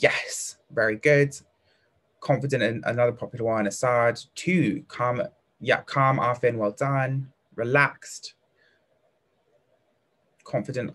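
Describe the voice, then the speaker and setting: Here a young British man, his medium voice a touch bright, runs a live online class for kids. Chatty and filler-heavy, he cheerfully reads out each pupil's answer by name and heaps on encouraging praise.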